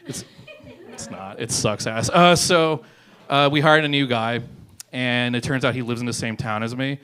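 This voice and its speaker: Young male comic, mid-pitched, rambling delivery full of fillers and curses. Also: normal speed, fairly bright tone, smooth. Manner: rambling, filler-heavy, swearing, laughs at own jokes. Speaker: comedian. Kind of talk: stand-up comedy set.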